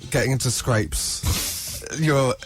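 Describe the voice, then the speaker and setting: A man's voice: mid-range voice, takes it slowly, soft background music. A man hosting a radio show, teasing his guest with dry quips in casual banter. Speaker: radio host.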